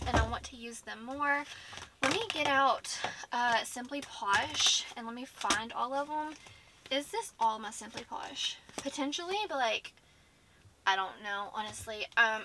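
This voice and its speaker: Chatty woman sorting makeup. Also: fairly high pitch. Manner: chatty, indecisive, laughs often. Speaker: beauty vlogger. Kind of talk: casual chat to camera. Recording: audible background noise.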